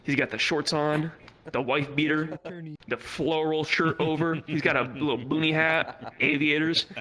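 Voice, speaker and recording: A young male comedian with a bright, slightly high voice rambles through a crude story. He swears freely and leans on fillers like "like" and "whatnot." He delivers it as loose stand-up. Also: steady tone, normal speed, rough recording. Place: virtual reality comedy club.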